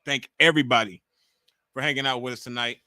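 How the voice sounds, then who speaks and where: A man in his forties hosting a wrestling watch-along live stream, reacting excitably and ranting with heavy swearing. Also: medium pitch, fast talker, dry recording, clean studio sound. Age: 40s.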